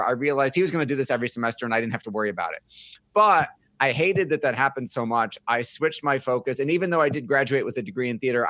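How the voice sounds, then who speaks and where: A man's voice: mid-range voice, fairly bright tone, dry recording. A middle-aged man, a podcast guest, telling his life story in an upbeat, joking interview style. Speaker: podcast guest, marketing firm founder.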